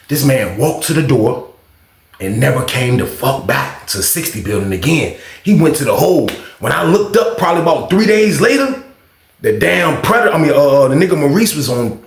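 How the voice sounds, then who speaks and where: A man telling a story, lively, acting out quotes with sudden shouts. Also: on the high side. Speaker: storytime host. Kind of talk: animated storytelling. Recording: echoey room.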